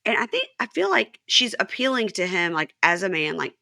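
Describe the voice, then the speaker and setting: A woman's voice: medium pitch, very animated, fairly quick, vocal fry, bright, forceful tone, no room sound, studio quality. A woman hosting a podcast, chatting casually and retelling show scenes with quoted lines. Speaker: podcast host. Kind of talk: casual chat recapping a reality show.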